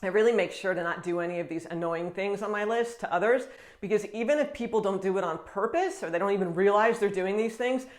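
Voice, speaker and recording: An American woman vlogging straight to the camera, her voice sitting at a middle pitch. She talks in a chatty, animated way, often breaking into quick laughs. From United States. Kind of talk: casual talk to camera.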